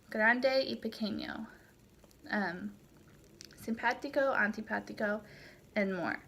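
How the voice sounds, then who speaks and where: A woman's voice: fairly high pitch, a bit bright. A young woman teaching a recorded language lesson, explaining steadily with frequent ums. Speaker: Spanish teacher. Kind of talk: recorded lecture walkthrough.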